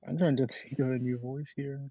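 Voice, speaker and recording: A man's voice: mid-range voice, fairly even intonation, a little fast, dark tone, no room sound. A man chatting casually while playing a game, hesitant and searching for ideas for character voices. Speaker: game player.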